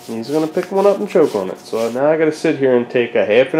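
Animated and quick, with few pauses, this young father's mid-range, mellow voice fills a casual indoor home vlog. He alternates baby talk with exasperated, swearing rants aimed at his cats.

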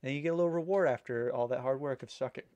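A man's voice: medium pitch, racing, warm tone, highs cut off. A man chatting casually while ranking candy, rambling and swearing now and then. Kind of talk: casual chat.

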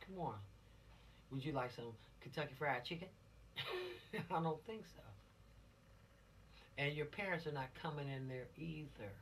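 A woman's voice: low voice, a little slow, long pauses, slight background noise. A woman police officer giving a law lesson to teenagers, telling it dramatically with rhetorical questions and acted-out scenes. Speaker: police officer teaching teens. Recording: voice from a distance.

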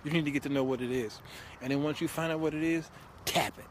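A man hosting a show, giving comic relationship advice in an animated, laughing, preachy way. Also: fairly high pitch, quick pace, slight background noise. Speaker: host. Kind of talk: comedic relationship advice monologue.

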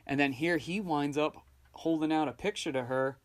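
A man's voice: on the high side, moderate pace. A man co-hosting a film podcast, casually retelling scenes and acting out quoted lines. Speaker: podcast co-host.

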